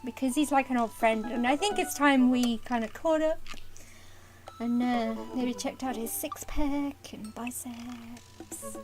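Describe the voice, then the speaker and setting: A young woman hosts a let's play, reading game text and tossing in chatty, giggly asides. Her voice sits slightly high, and background music plays under her. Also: low-quality recording. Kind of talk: reading and commenting on a dating game.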